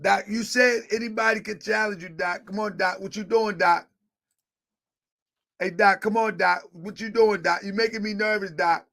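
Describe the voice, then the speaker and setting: Man, host, casual livestream chat, high pitch, gravelly, excitable and repetitive. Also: moderate pace. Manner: repetitive, excitable, joking while waiting. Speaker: live show host.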